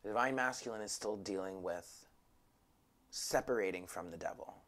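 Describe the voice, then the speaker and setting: A woman with an extremely low-pitched voice, speaking at normal speed, gives a casual spiritual tarot reading. She talks frankly and emphatically, swears freely, and drops into whispered asides.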